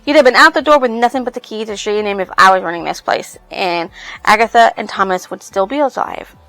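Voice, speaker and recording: A woman's voice: medium pitch, quick pace, a bit bright, close to an everyday voice. A woman reading a scornful young lady. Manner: curt, contemptuous. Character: scornful, cold young woman, sharp-tongued.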